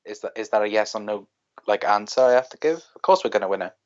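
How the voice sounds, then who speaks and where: A man with a Welsh accent from South Wales, co-hosting a casual chat and giving quick opinions with lots of "like". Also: on the low side, highs cut off. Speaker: co-host.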